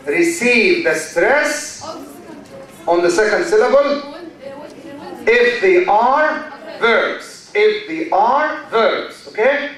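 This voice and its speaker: In an echoey lecture hall, a middle-aged man from Egypt, a university lecturer, teaches his class from a distance of the mic. His high voice is a bit bright, and he keeps repeating key words and testing students with questions.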